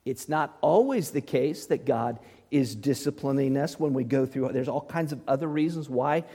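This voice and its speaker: A man's voice: mid-range voice, moderate pace, dark tone, slightly rough, big-room sound. A male pastor preaching a sermon in a conversational way, often putting rhetorical questions to his listeners.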